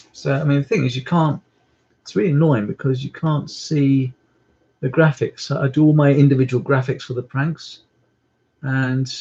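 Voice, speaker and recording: Man, mid pitch, hesitant rambling live-stream host at home, dull lo-fi audio. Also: a little mellow. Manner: rambling, hesitant, many ums. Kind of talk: casual live-stream chat. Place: at home indoors. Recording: slightly muffled lo-fi stream audio.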